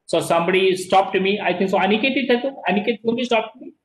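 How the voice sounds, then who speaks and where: A man's voice: high-pitched, fast talker. Indian english teacher guy lecturing, lots of okays and repeats, roomy echo. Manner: explains with many repeated words and frequent "okay"s. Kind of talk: classroom lecture. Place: classroom.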